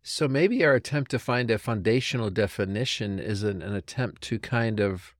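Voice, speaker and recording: A man, a pastor and podcast host, chatting casually and thinking out loud as he tells stories. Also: lowish voice, normal speed, no room sound, studio quality. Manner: storytelling, thinks out loud with restarts. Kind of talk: casual theological chat.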